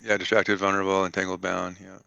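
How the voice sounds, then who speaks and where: A man's voice: low-pitched, completely flat delivery, quick pace, creaky, pushed and bright, dry recording, dull audio. A man playing in a tabletop game over voice chat, talking through his moves carefully. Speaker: player.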